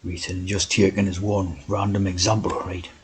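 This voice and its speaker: A man's voice: low-pitched, flat delivery, moderate pace, slight background noise, rough recording. A man talking in a rambling monologue, constantly tagging his sentences with "right?" and "you know".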